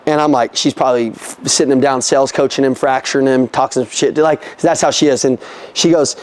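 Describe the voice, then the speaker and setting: High-voiced, animated male sales trainer. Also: brisk. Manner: animated, profane, acts out customer dialogue. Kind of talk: live sales training talk.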